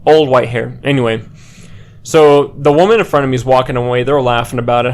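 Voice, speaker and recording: A man's voice: mid-range voice, fairly quick. A young adult man, a podcast co-host, telling a story casually to friends. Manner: animated anecdote telling with laughs.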